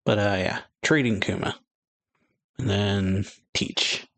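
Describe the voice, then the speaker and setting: A man's voice: fairly low pitch, fairly even intonation, takes it slowly, a bit bright, no echo, poor audio. A man hosting an anime reaction channel, reading through manga pages in a casual, rambling way with frequent chuckles and filler words.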